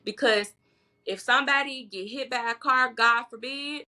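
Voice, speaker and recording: A woman's voice: on the high side, moderate pace, pushed and bright. A woman speaking as a herbalist guest in a casual podcast chat, bold and emphatic, often repeating words to drive a point home.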